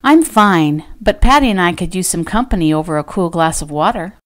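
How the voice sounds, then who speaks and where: A spirited young heroine in a storybook romance, spoken plainly and lightly lower-pitched, as the woman narrator voices her. She talks with a frank, steady earnestness. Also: a little fast, close to an everyday voice. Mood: earnest.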